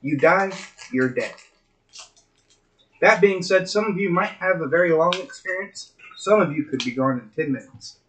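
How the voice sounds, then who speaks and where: A man acting as game master, setting an ominous scene with deliberate narration for a tabletop role-playing game. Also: sits high, lively intonation, fairly bright tone, a little hiss or hum, low-quality recording.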